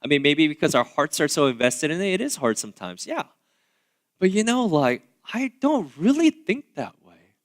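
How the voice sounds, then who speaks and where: In a church sanctuary, a thirtysomething male pastor preaches at normal speed in a voice on the high side. He keeps it casual and conversational, with lots of fillers and asides, animatedly shifting from loud asides to quiet remarks.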